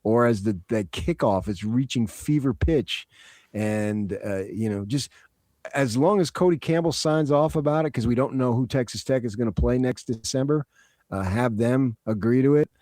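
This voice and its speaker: A man's voice: medium pitch, normal speed, no echo, clean studio sound. A man from New Jersey hosting sports radio, joking and riffing in casual talk. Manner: joking, animated, riffing with laughs.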